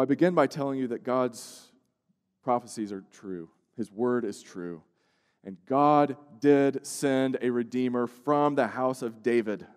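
A male pastor delivering a sermon, moving from hushed, slow passages to loud, emphatic outbursts. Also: medium pitch. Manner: preaching with swings from hushed to emphatic. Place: church sanctuary. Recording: long church-hall reverb.

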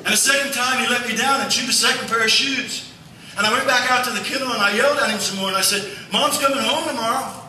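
A male pastor preaching a sermon, telling a family story in a folksy, animated way. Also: very high voice, quick pace, slight background noise. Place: church sanctuary. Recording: echoey church hall from far off.

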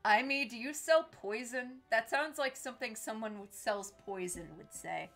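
A woman's voice: fairly high pitch, moderate pace, fairly bright tone, soft background music. A young woman chatting casually while streaming a game, giggling often.

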